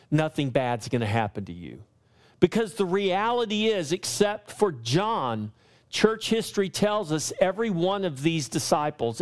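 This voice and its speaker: Preaching as a pastor, this high-pitched man drives his points home through repetition. His pace drops when he reads from scripture.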